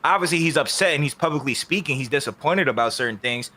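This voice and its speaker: A male podcast host with a bright, slightly high voice. He talks about esports in a heated, animated, profane way. It sounds like casual banter among friends. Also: fast.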